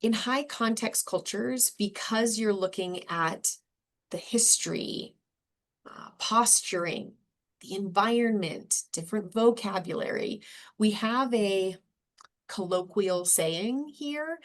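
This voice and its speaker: A woman's voice: medium pitch, takes it slowly. A woman leading a cultural training workshop in an upbeat way, acting out short example dialogues as she explains. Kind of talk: workshop presentation.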